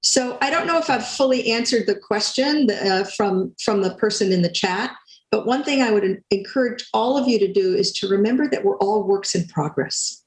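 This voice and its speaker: An older woman speaking as a guest, telling a story in a lively way and acting out quoted lines. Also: medium pitch, normal speed, roomy sound, rough recording. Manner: animated, acts out quotes. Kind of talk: storytelling talk.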